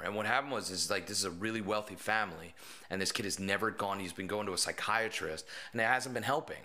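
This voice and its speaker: A male police officer telling stories in a relaxed chat, looping through fillers as he talks. His voice sits low but has a bright, forceful edge. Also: fast talker. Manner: rambling, full of "like" and "you know". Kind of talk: casual storytelling in a podcast chat.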